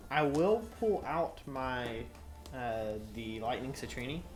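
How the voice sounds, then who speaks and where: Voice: medium pitch, lively intonation, slow, faint music behind. A player in a tabletop game who talks hesitantly and checks the rules. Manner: hesitant, asks rules questions. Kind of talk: casual tabletop play.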